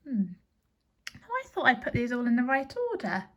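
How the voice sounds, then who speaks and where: A woman's voice: fairly high pitch, very animated, normal speed. A woman teacher talking to young children through a handheld camera, cheerful and encouraging, counting in a sing-song way. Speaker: early years teacher.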